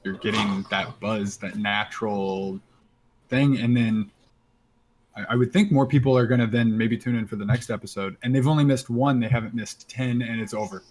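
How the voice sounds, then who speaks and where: A man's voice: lowish voice, fairly even intonation, normal speed, slight background noise. Rambling male podcast co-host. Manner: rambling, trails off, restarts. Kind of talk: casual chat.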